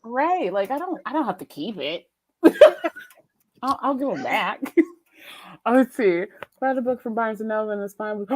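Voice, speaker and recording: Young female host, high, very animated, laughs through her stories. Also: measured pace, pauses often. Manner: animated, laughing often, emotional storytelling. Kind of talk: casual chat on a live stream.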